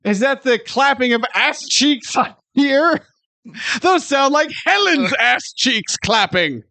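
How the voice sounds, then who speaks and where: Picture a nosy, self-important airship inventor speaking in grand, mock-formal tones, as a man puts him on. His voice sits high and bright. The recording is close and dry with no room sound. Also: lively intonation, slow pace, vocal fry, dry recording, heavily acted. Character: pompous male airship inventor eavesdropping.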